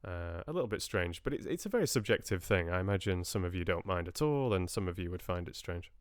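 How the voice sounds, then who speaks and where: A man talks casually to his livestream viewers, wandering from thought to thought and restarting sentences. His voice sits low and sounds smooth and clear. The recording is close and dry, with no room sound around him. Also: animated, fast, dry recording. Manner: chatty, rambling, with frequent restarts. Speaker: livestream host and audiobook reader. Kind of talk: casual chat with live viewers.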